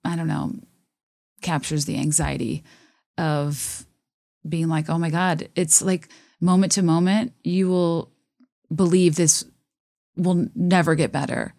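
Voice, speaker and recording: A woman's voice: low-pitched, fairly even intonation, unhurried, vocal fry, long pauses, mellow, no room sound, clean studio sound. A young woman talking casually about songs, musing and hesitant with many fillers, reading lyrics aloud. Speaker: music vlogger reacting to songs.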